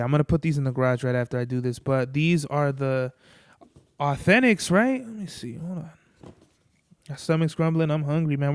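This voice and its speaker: Podcast host, male, loose rambling monologue, slightly high and crisp, dry close sound. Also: moderate pace, no room sound. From Mexican-American family. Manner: rambling, profane, lots of "like" and "bro". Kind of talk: casual solo monologue.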